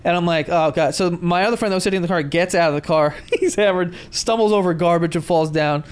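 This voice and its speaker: High-voiced man telling a rambling story. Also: quick pace, clean tone. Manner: rambling anecdote with laughs and swearing. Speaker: podcast co-host. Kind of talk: casual chat.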